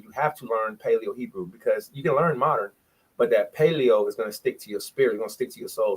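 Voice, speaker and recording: A man teaching a bible study on a livestream, preachy and emphatic, swinging between loud bursts and hushed words. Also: medium pitch.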